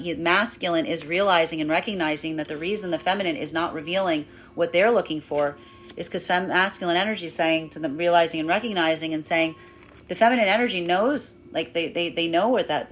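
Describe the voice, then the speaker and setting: This woman reads tarot in a rather low voice. She circles back over the same phrases again and again, restarting her sentences as she goes. Now and then she breaks into a playful acted aside. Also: quick pace, slight background noise. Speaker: tarot reader. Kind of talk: spiritual tarot reading monologue.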